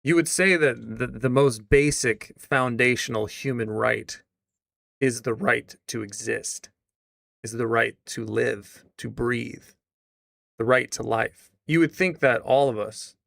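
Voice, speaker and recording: A man's voice: medium pitch, slow, gravelly, fairly bright tone, no echo. A male streamer reacting live to a clip, incredulous and sarcastic, swearing now and then.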